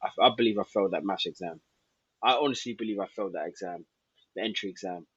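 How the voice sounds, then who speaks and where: A man's voice: low-pitched, fast talker, a bit bright, breathy edge, dry recording, dull audio. A man, a podcast guest telling a story and acting out old conversations.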